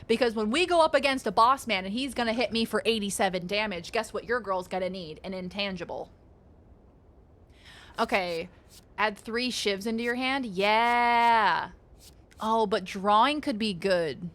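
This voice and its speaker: Bright-voiced woman streamer chatting playfully. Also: medium pitch. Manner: playful, swears, reads card text aloud, chats with viewers. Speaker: game streamer. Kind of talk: casual live-stream chatter while playing.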